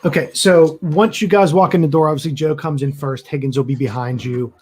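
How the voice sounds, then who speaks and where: A man's voice: a little high, fairly even intonation, brisk, a little mellow, slightly rough. A man narrating as game master, casual and stopping often to search for words.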